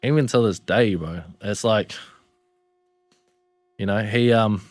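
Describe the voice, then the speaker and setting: Man, New Zealand accent, young adult, low pitch, laid-back, swears a lot, says "bro", podcast guest. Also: slow pace, dry recording. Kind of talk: casual storytelling.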